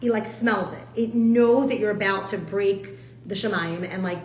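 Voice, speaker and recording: A woman, teaching a casual class in a chatty, animated way, full of fillers and acted-out quotes. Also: medium pitch, moderate pace, reverberant, a little hiss or hum, rough recording. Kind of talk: casual spoken lesson.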